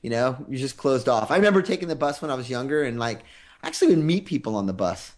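A man's voice: mid-range voice, expressive, fast. A man in casual podcast chat, telling rambling anecdotes with a chuckle.

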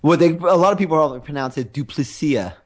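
A man co-hosting a comedy podcast in casual chat, playful and animated, slipping into mock announcements. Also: fairly high pitch, quick pace. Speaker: podcast co-host.

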